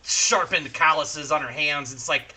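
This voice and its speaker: A young man narrating a tabletop game as game master, in a casual, profane, animated way. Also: a little high, a little slow, slightly rough.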